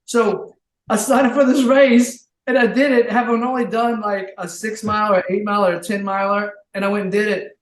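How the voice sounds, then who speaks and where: A man telling his comeback story as a podcast guest, earnest and full of faith, with bursts of excitement. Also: high voice, brisk. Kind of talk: casual interview chat. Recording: roomy echo.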